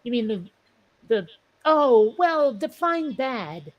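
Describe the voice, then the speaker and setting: A woman's voice: a little high, very animated, slow, lo-fi sound. Blunt, opinionated woman chatting. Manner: blunt, opinionated, swears for emphasis. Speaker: podcast panelist. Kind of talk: casual chat.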